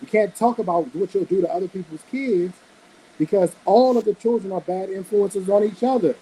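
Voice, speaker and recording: A man's voice: high-pitched, normal speed, warm tone, husky, poor audio. A man in his forties giving blunt, emphatic opinions as a panelist in a casual podcast debate.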